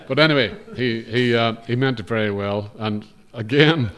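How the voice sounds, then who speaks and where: A man's voice: medium pitch, brisk, hardly any pauses, fairly bright tone. An older man with a Northern Irish accent, giving a humorous, rambling talk to a live audience in a hotel function room, full of asides and self-deprecating remarks. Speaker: guest speaker, broadcaster.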